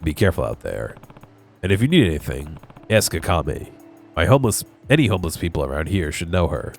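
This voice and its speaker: Congested deep-voiced gamer. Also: male voice, big pitch swings, a little fast, vocal fry. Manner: casual, jokey asides. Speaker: let's play gamer. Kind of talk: reading game dialogue aloud with commentary. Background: faint game music.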